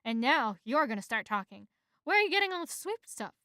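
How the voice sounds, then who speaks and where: A determined young male bee, urgent and demanding in his questions, as a woman acts him out. The voice is high and bright, close and dry. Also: big pitch swings, fairly quick, no echo, full character voice.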